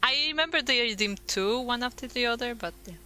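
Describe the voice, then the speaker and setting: Chatty woman co-caster, bright voice. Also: a little high, fairly quick, soft background music. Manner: chatty, self-deprecating. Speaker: esports co-caster. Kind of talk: live game commentary.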